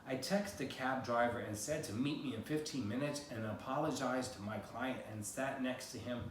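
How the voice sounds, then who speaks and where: Reading aloud from his memoir, a man from the United States keeps a moderate pace and a medium pitch. The recording is very echoey, picks him up from a distance, and carries faint noise.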